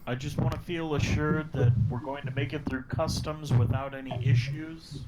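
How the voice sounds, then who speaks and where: A man playing a tabletop game, joking deadpan in character. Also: fairly high pitch, normal speed, roomy sound. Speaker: player. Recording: distant mic with noisy line.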